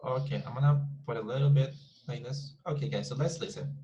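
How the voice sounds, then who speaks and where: A man's voice: mid-range voice, brisk, mellow, rough recording. A man teaching an online English class, talking in a chatty, repetitive way and often checking in with his students. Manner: chatty, repetitive, asks the class frequent questions.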